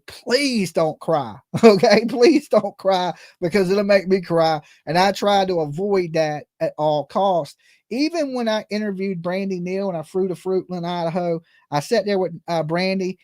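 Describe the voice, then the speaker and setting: A man's voice: high voice, dry recording, clean studio sound. A man hosting a true-crime livestream, talking in a casual, rambling and earnest way and often repeating himself.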